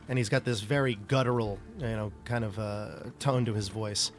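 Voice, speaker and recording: A man's voice: lowish voice, fairly even intonation, normal speed, hardly any pauses, faint music behind. A man narrating as game master of a tabletop game, loose and rambling with many fillers. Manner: loose, rambling narration full of "like" and "you know".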